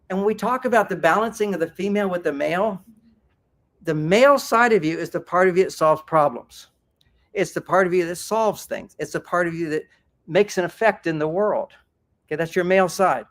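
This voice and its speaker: A man giving a seminar talk to a live audience as a workshop speaker, animated and acting out example dialogues. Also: high-pitched, normal speed.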